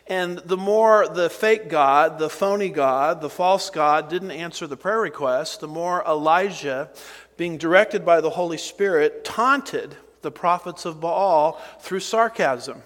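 A man pastor preaching a sermon slowly and deliberately, with emphatic rises and conversational asides. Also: fairly high pitch, fairly bright tone. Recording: long hall reverb.

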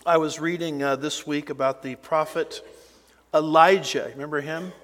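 A man pastor preaching a sermon slowly and deliberately, with emphatic rises and conversational asides. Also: fairly high pitch, steady tone, a bit bright. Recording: long hall reverb.

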